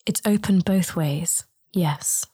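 A woman voicing a wise, solemn female star being who speaks slowly and soothingly in an audiobook. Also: lowish voice, dark tone, breathy edge. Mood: calm. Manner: slow, measured, soothing. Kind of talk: audiobook character reading.

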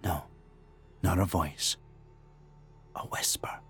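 A man narrating an audiobook thriller in a measured, tense storytelling manner. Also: low voice, steady tone, over music. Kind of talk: scripted narration.

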